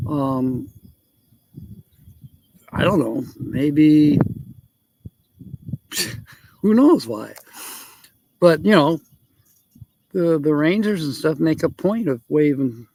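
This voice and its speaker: Hosting a laid-back livestream about RV life, a man with a fairly high, darkish voice and some vocal fry rambles through viewer comments. He thinks aloud and chuckles often.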